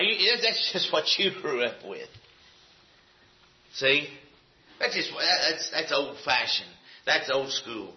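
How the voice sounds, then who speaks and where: A man preaching a sermon in a church, emphatic and repetitive, firing off rhetorical questions. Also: a little high. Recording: echoey, dull lo-fi sound.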